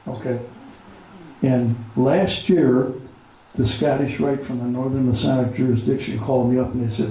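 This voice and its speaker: A man's voice: medium pitch, warm tone. A man from Pennsylvania, a veteran, telling rambling stories in casual talk and stopping to give his service dog commands. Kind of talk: casual spoken storytelling. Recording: very echoey room, mic far off, faint ambience.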